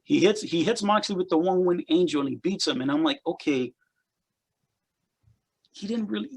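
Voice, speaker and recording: Rambling man with a higher voice. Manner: rambling, repeats words, critiquing. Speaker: podcast co-host. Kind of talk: casual opinionated chat.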